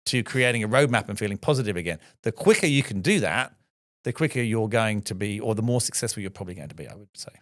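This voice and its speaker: A man's voice: medium pitch, expressive, fast talker, a bit bright, no room sound, studio quality. A middle-aged man speaking as a podcast guest, reflective and emphatic, often adding rhetorical "right?" asides.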